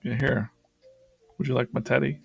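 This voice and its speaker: A man voicing a gentle, kindly closet monster who comforts a sad child. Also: fairly even intonation, normal speed, gravelly, soft background music. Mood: consoling. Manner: soft, comforting, higher put-on voice.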